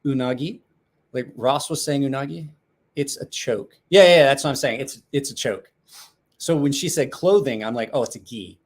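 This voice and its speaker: A man's voice: medium pitch, moderate pace. A man hosting a casual livestream, chatting and rambling with frequent restarts and asides. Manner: rambling, self-correcting, chatty. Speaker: livestream host.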